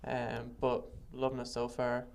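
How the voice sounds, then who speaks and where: Gravelly Irish man, flat easygoing chat. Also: mid-range voice, measured pace. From Ireland. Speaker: guest. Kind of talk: casual podcast chat. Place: small office studio.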